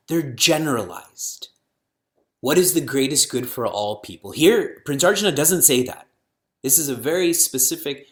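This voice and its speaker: Speaking to an audience about scripture, this middle-aged spiritual teacher poses rhetorical questions in rapid succession and chants verses at a slow pace. He has a mid-range, slightly bright voice.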